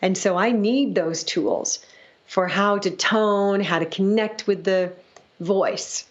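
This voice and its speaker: A woman's voice: mid-range voice, slow. Teacherly woman on a dull lo-fi call. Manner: reflective, teacherly, often adds "right?". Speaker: guest teacher of music and sound healing. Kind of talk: answering questions in an online Q&A.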